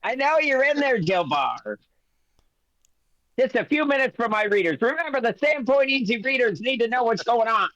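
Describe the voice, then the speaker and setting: Man doing a brash nosy newspaper hack, lively sing-song pushiness, dull lo-fi sound. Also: very high voice, moderate pace, dry recording, pitched above the performer's own voice, heavily acted. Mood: badgering. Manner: brash, badgering, indignant. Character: pushy nosy male tabloid journalist. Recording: dull lo-fi recording.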